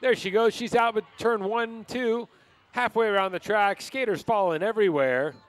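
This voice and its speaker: An announcer calling roller derby action live in brisk play-by-play. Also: medium pitch, no echo. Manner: brisk play-by-play of skater moves. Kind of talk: live sports commentary.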